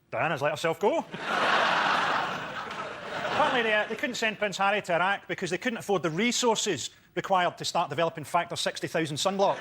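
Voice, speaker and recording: Male comedian, dry cutting one-liners, high animated voice, very noisy studio recording. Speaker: comedian panellist. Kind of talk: stand-up routine.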